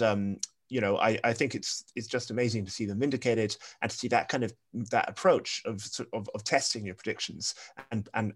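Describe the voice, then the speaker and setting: A British man with a soft voice, speaking as a guest on a podcast panel and thinking aloud with many pauses and restarts. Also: lowish voice. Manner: thoughtful, many ums and restarts. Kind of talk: casual panel discussion.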